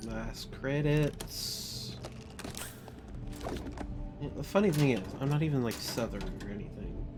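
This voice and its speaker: A streamer from California giving profane, animated live gameplay commentary, now and then slipping into a joking southern drawl. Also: medium pitch, unhurried. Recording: game music behind the voice. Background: game music and sound effects.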